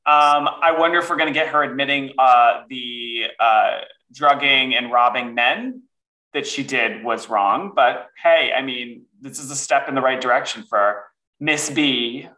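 A man co-hosting a casual podcast chat, expressive and dramatic, swearing freely. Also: medium pitch, measured pace, reverberant, low-quality recording. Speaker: co-host.

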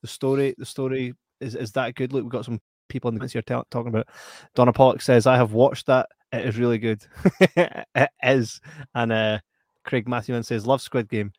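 A man's voice: medium pitch, flat delivery, fairly quick, no echo, clean studio sound. A man co-hosting a live stream, chatting casually, laughing often and reading out comments. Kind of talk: casual chat.

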